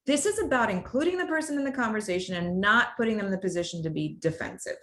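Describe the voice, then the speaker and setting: A woman's voice: medium pitch, expressive, fast, fairly bright tone. A woman with children, presenting a workplace workshop on difficult conversations in a conversational way. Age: adult, parent of children. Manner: conversational, demonstrates tones with exaggerated acted examples.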